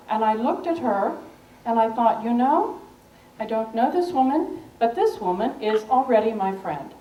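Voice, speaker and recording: An older American woman speaking to a room of students, telling a story and acting out the lines of the people in it. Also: high-pitched. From United States. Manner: lively storyteller acting out quoted dialogue. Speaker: guest speaker. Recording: echoey room from a distance.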